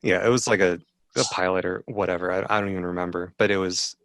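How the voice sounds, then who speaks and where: Low-voiced man telling a rambling story. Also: steady tone, fast talker, fairly bright tone, dry recording, clean studio sound. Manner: rambling storyteller, many fillers. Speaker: guest. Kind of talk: casual podcast chat.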